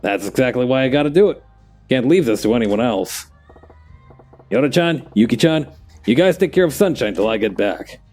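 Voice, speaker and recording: A man's voice: mid-range voice, lively intonation, normal speed, darkish tone, faint music behind, lightly acted. A man doing a blunt gangster club manager. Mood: gruff. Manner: blunt, sarcastic. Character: brash tough male club manager, gangster. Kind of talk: fan voice-over of game dialogue.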